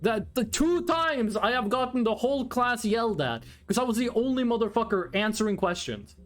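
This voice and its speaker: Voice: medium pitch, moderate pace, faint music behind. A young adult streamer chatting casually, telling rambling stories and swearing freely. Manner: rambling, animated storytelling, swearing. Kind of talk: casual chat with chat readers.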